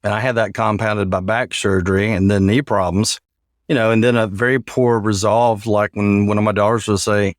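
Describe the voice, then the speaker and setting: A middle-aged man with a Southern US accent, chatting as a guest in a relaxed, chuckling, self-deprecating way. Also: on the low side, a little fast, no echo. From Georgia, US. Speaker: guest, psychology professor. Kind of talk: casual interview chat. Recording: dry, close sound.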